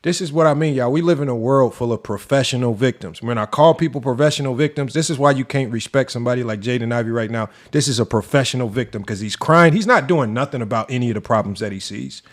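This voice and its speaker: A man's voice: mid-range voice, fast, few pauses. A man hosting a sports debate show, ranting in an exasperated, mocking way and firing off rhetorical questions. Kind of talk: heated commentary rant.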